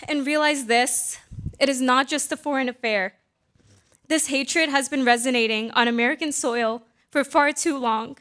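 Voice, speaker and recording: A woman's voice: high voice, moderate pace, a bit bright, clear, resonant tone. A young woman giving an impassioned, accusatory public comment at a city council meeting. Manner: impassioned, accusatory, rising to pleading.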